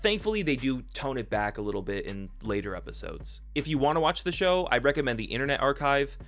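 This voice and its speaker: A man talks through a show recap at an ordinary middle pitch, loose and rambling, often backtracking mid-sentence. Faint background music sits under his voice. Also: big pitch swings, quick pace, a bit bright. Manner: rambling, self-correcting with filler asides. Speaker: video reviewer. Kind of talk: casual review narration.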